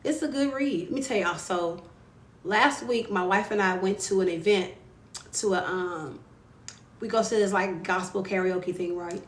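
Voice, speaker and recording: Speaking at a moderate pace in a mid-range voice, a woman author hosts a casual live stream, cheering viewers on and greeting them by name. Her phone picks up an echoey room with faint ambience and slight background noise.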